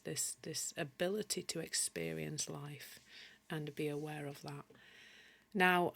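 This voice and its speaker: A woman's voice: fairly low pitch, creaky. A woman from Yorkshire with a mild Yorkshire accent, giving a chatty live-streamed teaching talk as a coach and answering viewer comments as she goes. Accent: mild Yorkshire English. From Yorkshire, northern England. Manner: many restarts and self-corrections.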